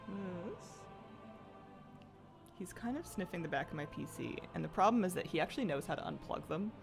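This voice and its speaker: A woman live-streaming a game who chats casually, laughs often and coos at her pets in a high sing-song. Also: animated, moderate pace, creaky, music in the background.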